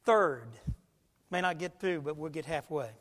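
A man preaching a sermon as pastor, emphatic, swinging between loud and quiet, speeding up and slowing down. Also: on the high side, big-room sound. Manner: emphatic preaching with big swings in loudness and pace.

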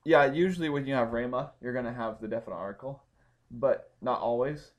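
A man teaching a Bible study class, explaining points step by step and pausing to check that his students follow. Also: medium pitch. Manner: explanatory, checks understanding with questions.

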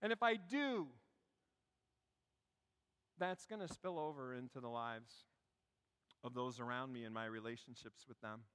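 A man preaching a sermon as a pastor, telling stories and dropping to a hush for emphasis. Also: medium pitch, measured pace, pauses often, clear, resonant tone. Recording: long hall reverb.

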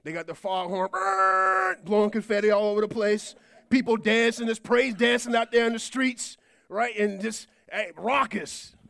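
Preacher, male, very high voice, dynamic delivery from quiet to loud. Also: normal speed, vocal fry, no echo. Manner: dynamic, swings from quiet asides to shouting. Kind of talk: sermon.

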